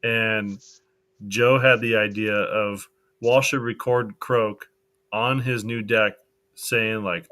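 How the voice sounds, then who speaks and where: A man with a fairly low voice co-hosts a casual live stream. He talks loosely and rambles, restarting his sentences and filling gaps with ums and uhs. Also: steady tone, takes it slowly, sharp tone. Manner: rambling, with many fillers and restarts. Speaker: co-host of a live gear show.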